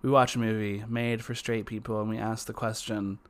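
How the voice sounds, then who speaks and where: A man's voice: lowish voice, flat delivery, brisk. A young man chatting casually as co-host of a podcast. He is playful and laughs often, with an easygoing delivery. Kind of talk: casual chat.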